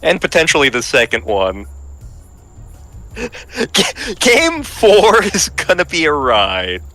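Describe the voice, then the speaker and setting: Lively, bright-voiced man joking around. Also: on the high side, soft background music. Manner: animated, joking, quick self-interruptions. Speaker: co-host playing a game. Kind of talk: casual chat while gaming.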